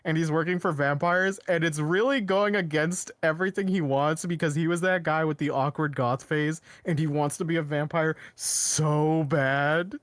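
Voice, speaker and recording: Podcast co-host, male, slightly high voice, excitable rambling chatter, dry close mic. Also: moderate pace, hardly any pauses, no echo. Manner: excited, rambling retelling with laughs. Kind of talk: casual chat.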